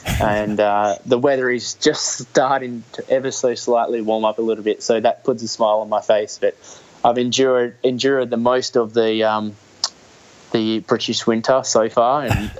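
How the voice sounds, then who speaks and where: A man's voice: mid-range voice, lo-fi sound. A young Australian man talking casually in an interview, hesitant, with many restarts and fillers. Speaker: guest, Olympic triathlete.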